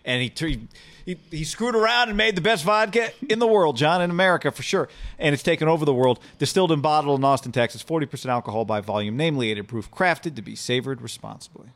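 A man's voice: on the high side, lively intonation, fairly bright tone. Upbeat male podcast co-host. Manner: brisk, upbeat ad reads and loose banter. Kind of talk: casual sports podcast chat and ad reads.

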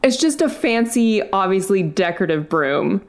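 A woman's voice: mid-range voice, very animated, moderate pace. A woman playing a tabletop game, chatting casually and searching for words with many likes. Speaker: player.

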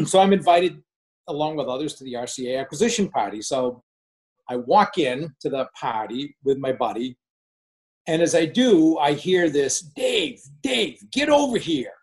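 An older man in his sixties tells a casual story with a slightly raised voice. He is animated and acts out the lines of the people in the story. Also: a little high, moderate pace. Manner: animated, acts out quoted dialogue. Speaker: former finance manager. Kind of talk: casual spoken anecdote.

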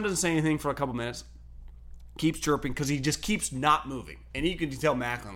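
A man co-hosting a sports talk show, telling stories in an animated, profane way and laughing often. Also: a little high, a little fast. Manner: animated storyteller, swears freely, laughs often. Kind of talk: casual sports debate chat.

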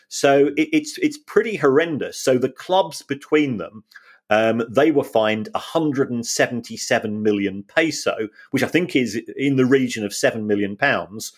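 A man co-hosting a football podcast, talking things through in a measured way with many fillers and restarts. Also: medium pitch. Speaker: podcast co-host. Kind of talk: casual football finance chat.

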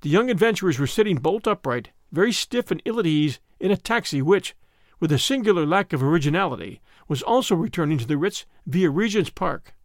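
A male narrator reading a classic story with a fairly high, very lively voice. He tells it in an expressive, animated way. The recording is dry and close, with no room sound. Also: fairly quick, no echo. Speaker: host and narrator. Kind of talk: scripted audiobook narration.

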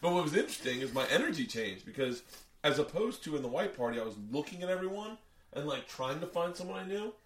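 A man hosting a podcast, telling a long story in casual chat, animated and full of profanity. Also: fairly high pitch, quick pace, echoey room, recorded from a distance. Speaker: podcast host and comedian.

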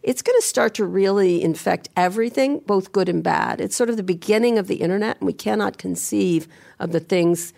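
A middle-aged woman hosting a podcast, blunt and teasing, talking fast about tech in casual banter. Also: mid-range voice, gravelly, a little mellow. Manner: blunt, teasing, rapid-fire. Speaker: podcast host.

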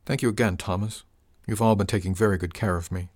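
A man voicing a gentle older village woman who works as an herb healer, speaking kindly and a little self-mockingly. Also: lowish voice, fairly even intonation, fast, no echo, clean studio sound, close to an everyday voice.

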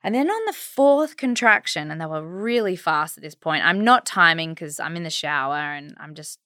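Lively Australian woman telling a story. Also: low voice, normal speed, dry recording, clean studio sound. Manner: animated, acts out her own quoted words. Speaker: podcast co-host. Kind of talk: casual storytelling chat.

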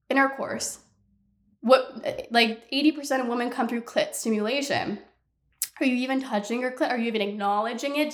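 A young woman hosts her own podcast alone, ranting in a blunt, animated and exasperated way. Her voice sits a little high, and a roomy echo hangs around it. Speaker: podcast host. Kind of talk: solo podcast rant.

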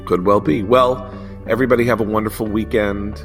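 A man hosting a political podcast, talking in a rambling, animated way that keeps breaking off and restarting. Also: on the low side, fairly quick, soft background music. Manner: rambling, animated, self-interrupting. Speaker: podcast host. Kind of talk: political discussion.

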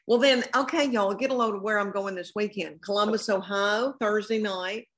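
A woman's voice: medium pitch, steady tone, normal speed. A woman chats as a podcast guest. Her talk is folksy and self-deprecating, full of long tangents. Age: 50s. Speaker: comedian guest. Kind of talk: casual podcast chat.

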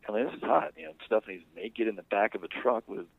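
A man's voice: on the low side, expressive, fast talker, gravelly, slightly rough, dry recording. A man telling a personal story to an interviewer in a rambling, conversational way, heard over a phone line. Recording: dry, tinny phone line.

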